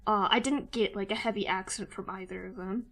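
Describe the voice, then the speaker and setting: A woman's voice: medium pitch, fairly even intonation, brisk, a bit bright, soft background music. A young woman from Missouri with a mild Southern-Midwestern accent, chatting casually and giggling with her viewers while she draws on a live stream. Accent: mild Southern-Midwestern American mix. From Missouri, USA.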